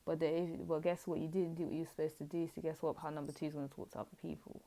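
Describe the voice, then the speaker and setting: A young woman giving a casual tarot reading, chatty and blunt with animated asides. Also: sits low, rapid-fire, gravelly. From United Kingdom. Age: young adult. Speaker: tarot reader.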